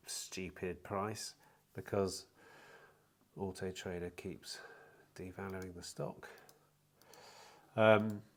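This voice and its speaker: A man's voice: low-pitched, no room sound. A middle-aged man with a cold, sounding a bit chesty, chatting casually to camera in a rambling, matter-of-fact way with restarts and the odd swear word. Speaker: used car dealer vlogger. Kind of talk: casual vlog chat to camera.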